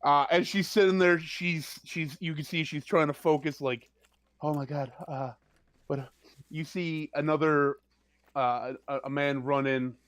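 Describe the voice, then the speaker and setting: A man narrating as game master of a tabletop game, laid back and halting. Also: fairly high pitch, steady tone, a bit bright, clean tone, no room sound.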